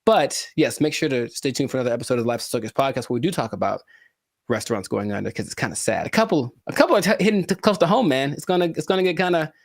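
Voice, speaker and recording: A man's voice: mid-range voice, lively intonation, racing, vocal fry, no echo, clean studio sound. A man from California co-hosting a casual podcast, playful and given to dramatic asides and repeated lines. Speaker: podcast co-host.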